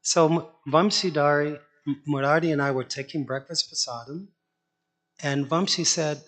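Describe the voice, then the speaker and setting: A man's voice: fairly high pitch, steady tone, moderate pace, fairly bright tone. A man telling anecdotes at a memorial, apologetic about the time and chuckling. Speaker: speaker at a memorial. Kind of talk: anecdotal eulogy.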